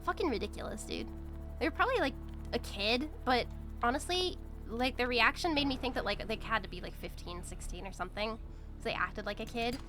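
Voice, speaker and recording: A woman's voice: a little high, lively intonation, fairly quick, music in the background. A woman streamer chatting casually while she plays, blunt and profane, rambling with lots of fillers. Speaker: VTuber streamer.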